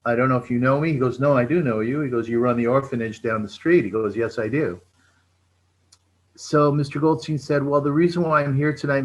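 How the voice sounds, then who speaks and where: A man from Canada, a charity founder, telling a story over a video call and acting out the dialogue in a measured way. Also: medium pitch, fairly bright tone, rough recording. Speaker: charity founder and guest speaker. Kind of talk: storytelling talk.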